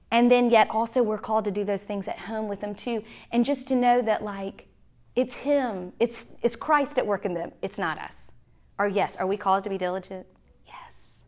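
In a church meeting room, a woman gives a chatty, heartfelt workshop talk, acting out quoted lines with big swings in pitch.

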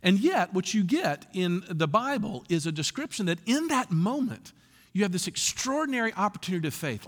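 A male pastor delivers a sermon in a church sanctuary, slipping into acted quotes as he tells stories. His voice sits slightly high and rises and falls with lively swings of pitch. A long hall reverb trails behind every phrase. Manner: animated storytelling with acted quotes.

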